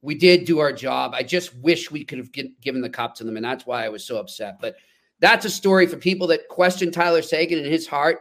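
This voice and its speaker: Animated storytelling male podcast co-host. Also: on the high side, brisk. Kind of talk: casual sports chat.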